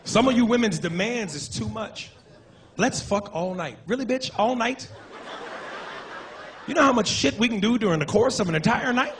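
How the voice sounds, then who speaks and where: A man doing a stand-up comedy set on a club stage, brash and profane, breaking into shouted impressions. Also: very high-pitched, lively intonation, moderate pace, a faint crowd.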